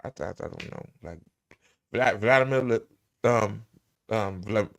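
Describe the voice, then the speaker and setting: Gravelly man ranting with laughs. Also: on the low side, unhurried. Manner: profane, laughing, rambling with stammered restarts. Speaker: reaction streamer. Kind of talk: casual reaction commentary.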